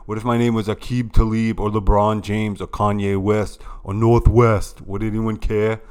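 A man doing an impression of a loud, ranting elderly male politician who fires off indignant rhetorical questions. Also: lowish voice, little pitch movement, normal speed, clean tone, close to an everyday voice.

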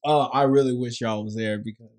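A podcast co-host telling a story in casual chat, excitable and dramatic, laughing as the story goes. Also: mid-range voice, a little fast.

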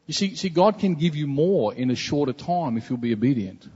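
Male pastor, slightly high husky voice, earnest conversational sermon, dull echoing hall recording. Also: lively intonation, a little fast, a little mellow. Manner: earnest, conversational preaching with repetitions.

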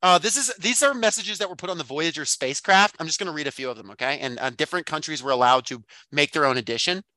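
Bright-voiced man musing with fillers. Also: on the high side, fast talker, no room sound. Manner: thoughtful, rambling, many fillers and restarts. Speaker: podcast co-host. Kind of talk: casual book discussion.

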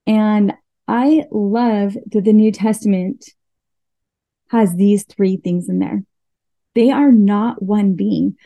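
A woman's voice: mid-range voice, steady tone, takes it slowly, mellow, no room sound, poor audio. A woman hosting a podcast, talking through scripture in a casual, earnest way and thinking aloud with fillers and restarts. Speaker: podcast host. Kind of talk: casual scripture study talk.

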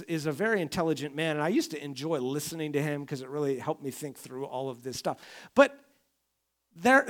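A man pastor preaching a conversational sermon, swinging from quiet to loud and acting out complaining voices. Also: fairly high pitch. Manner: conversational preaching, rising and falling in volume, acts out complaining voices.

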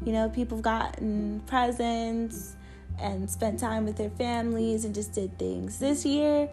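A woman's voice: fairly high pitch, a little slow, dark tone. Young woman in her twenties, solo podcast host, rambling chatty delivery, faint music underneath. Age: 20s. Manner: rambling, chatty, full of "like" fillers, self-deprecating. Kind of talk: casual solo podcast chat. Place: at her family home, indoors.

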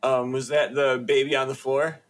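A man co-hosting a casual podcast chat, relaxed and giving short replies. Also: mid-range voice, moderate pace. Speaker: podcast co-host.

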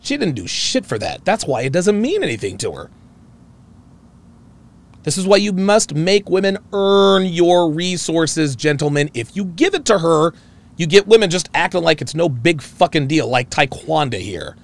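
A man hosts a reaction show in a high, gravelly voice. His pitch swings widely as he rants. He swears freely and keeps repeating his points for emphasis. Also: big pitch swings, normal speed. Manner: profane, emphatic, repeats phrases. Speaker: host. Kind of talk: reaction commentary rant.

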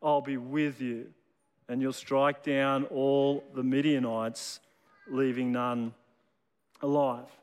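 A man voicing God as a solemn, commanding figure, speaking slowly and gravely. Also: mid-range voice, little pitch movement, darkish tone, in a large hall, voice pushed down, lightly acted, rough recording.

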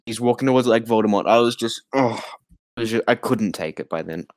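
A man's voice: medium pitch, fast, a little mellow, no room sound, low-quality recording. A man co-hosting a podcast, chatting casually about a bad movie with rambling, exasperated asides and laughter. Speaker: podcast co-host. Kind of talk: casual movie review chat.

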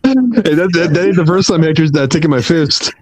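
Man, quick profane banter, dry close sound, teasing tone. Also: on the high side, dry recording. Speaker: podcast co-host. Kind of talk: casual banter.

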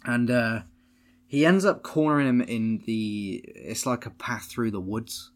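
Male podcast co-host, chatty film recap, laughs a lot, swears freely, jumps into silly voices. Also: mid-range voice. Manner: laughs often, swears, acts out scenes in quick voices. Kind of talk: casual film recap chat.

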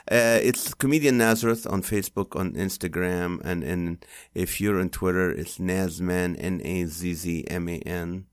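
A man's voice: sits low, steady tone, normal speed, hardly any pauses, dry recording, clean studio sound. A man hosting a podcast, wrapping up with playful mock scolding of listeners. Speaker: podcast host. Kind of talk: podcast sign-off.

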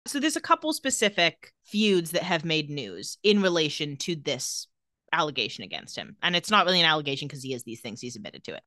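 A woman's voice: low voice, big pitch swings, a little fast, sharp tone, no room sound, clean studio sound. A woman co-hosting a casual podcast, recounting tweets with wry commentary. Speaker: podcast co-host.

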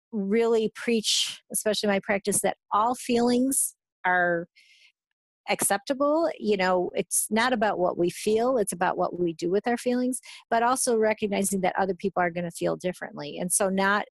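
A woman therapist with a gravelly, fry-laden voice talks through advice in a relaxed, conversational way. She pauses and restarts often, searching for words. The recording is close and dry. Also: medium pitch, no room sound. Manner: thoughtful, hesitant with fillers and restarts.

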